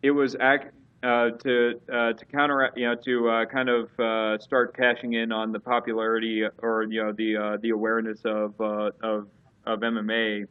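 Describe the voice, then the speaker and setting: A man's voice: on the low side, completely flat delivery, moderate pace, clear, resonant tone. Guy rambling about wrestling, uh-ing a lot, kinda muffled lo-fi sound. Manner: rambling, many fillers and restarts. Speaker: podcast co-host. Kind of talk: casual wrestling chat.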